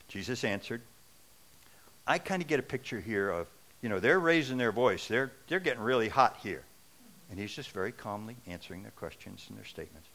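A middle-aged preacher delivers a sermon in a conversational, earnest way with touches of wry humor. His voice is bright and forceful, and sits in a middle pitch. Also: lively intonation, normal speed, pauses often.

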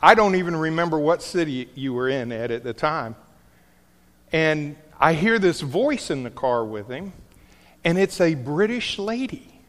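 A man's voice: on the high side, big pitch swings, a little slow. A middle-aged man preaching a sermon, telling a story with jokey asides. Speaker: pastor. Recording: large hall with long reverb.

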